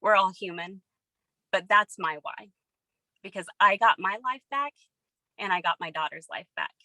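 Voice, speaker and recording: A woman's voice: mid-range voice, animated, moderate pace, pushed and bright, no echo, poor audio. A woman giving an earnest, emotional personal testimony over a video call. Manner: earnest, tearful, storytelling. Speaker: testimony speaker.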